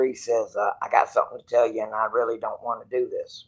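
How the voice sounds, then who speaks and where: A man's voice: lowish voice, level tone, fairly quick, few pauses, husky, rough recording. A man hosting his channel, telling a personal story to viewers in a rambling, casual way, quoting others and swearing freely. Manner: rambling, restarts, quotes others in dialogue, swears. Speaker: channel host.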